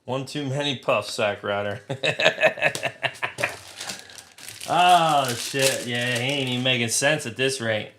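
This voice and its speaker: A man hosting a live trading card break, talking crudely and getting excited, shouting over big pulls. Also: medium pitch, slow, long pauses, soft background music.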